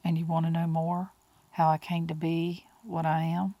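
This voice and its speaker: A woman reading the lines of a brooding centuries-old male vampire, quiet, flat and hard. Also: sits low, moderate pace, no room sound. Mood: weary.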